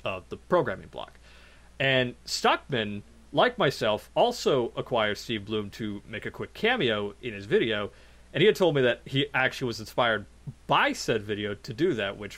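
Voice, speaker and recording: Animated man with a lively, bouncing voice. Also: mid-range voice. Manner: animated storytelling, laughs often. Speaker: video reviewer. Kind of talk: casual podcast chat.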